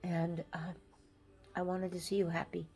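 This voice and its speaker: An older woman giving a halting, emotional farewell message, close to tears, with many pauses and restarts. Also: on the low side, little pitch movement, warm tone, poor audio.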